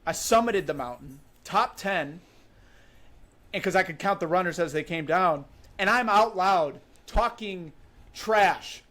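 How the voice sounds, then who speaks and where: A podcast guest in his twenties from Wisconsin speaks a little slowly in a high-sitting voice, with a bit of hiss or hum in the recording. He recounts a story animatedly and casually, often using "like" and "you know."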